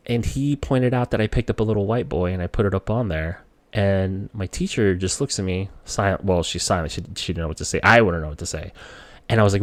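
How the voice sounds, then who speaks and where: A man with a low voice, from the Philippines, tells a story from his own life in a casual, chatty way. The recording is dry and close, with no room sound. When he quotes himself as a child, his voice leaps up high. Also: fairly quick, dry recording. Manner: relaxed conversational, voice jumps high when quoting his child self.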